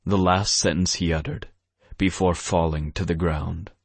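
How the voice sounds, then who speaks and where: An audiobook narrator with a very deep, husky voice reads a first-person romance in a gruff, measured, unhurried way with a steady tone. The recording is dry and close, made on a studio mic.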